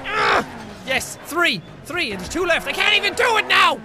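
A young man giving loud, excitable gameplay commentary with frequent shouting outbursts. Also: very high-pitched, moderate pace. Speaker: gaming video host. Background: game music.

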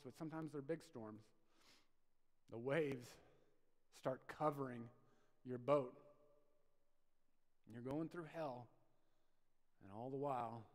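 A man preaches a lively, conversational sermon. His voice sits at an ordinary pitch, and he swings between sudden loud bursts and hushed asides. The sound carries a long reverb tail from a church sanctuary. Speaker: pastor.

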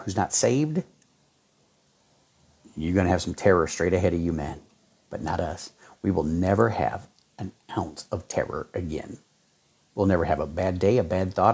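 A man preaching a fervent sermon, folksy and exhorting, with sudden jumps in pitch as he reads scripture. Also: darkish tone, slightly rough. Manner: folksy, says y'all and man.

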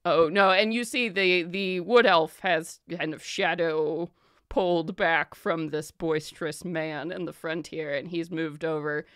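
A woman narrating as game master, relaxed and descriptive with many fillers. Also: low voice, a little slow, clear, resonant tone, no room sound, clean studio sound.

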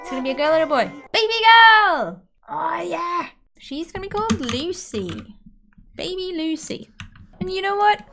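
Brief: young woman, let's play host, high and very animated, faint game music underneath. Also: a little fast. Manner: excitable, gasping and squealing at the game. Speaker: gaming YouTuber.

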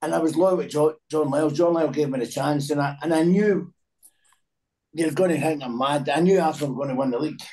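A man's voice: a little high, a little fast, dark tone, low-quality recording. Laughing Scottish man in his sixties. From Scotland. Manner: laughs through anecdotes, repeats words. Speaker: former footballer guest. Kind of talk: casual chat, storytelling.

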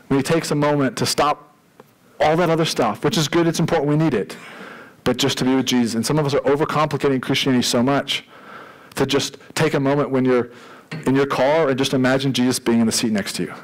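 A man preaching a sermon as pastor, in a conversational, animated way with jokey asides. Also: medium pitch, rough recording.

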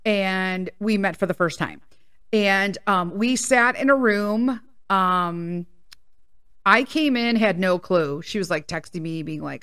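This podcast host, a woman in her fifties, has a mid-range, clean-toned voice that's a bit bright. Alone at the mic in her small home studio, she chats casually and candidly, with plenty of swearing.

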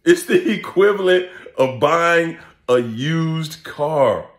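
Laughing man ranting slowly in an echoey room. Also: a little high. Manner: laughs often, animated, acts out quoted voices. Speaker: channel host and coach. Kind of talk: casual comedic vlog rant.

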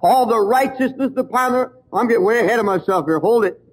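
Fervent high-voiced male preacher. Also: a little fast, breathy edge, poor audio. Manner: storytelling, fervent and emphatic. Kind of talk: sermon.

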